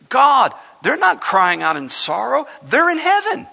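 A man's voice: very high-pitched, huge pitch swings, unhurried, vocal fry, pushed and bright, breathy edge. A man preaching a sermon conversationally, reading scripture with dramatic emphasis. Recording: lo-fi sound in a reverberant hall.

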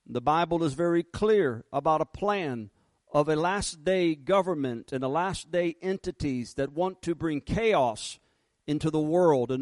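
A man preaching a fervent sermon, slowing down and rising in pitch and volume for emphasis. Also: darkish tone, no room sound. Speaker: pastor.

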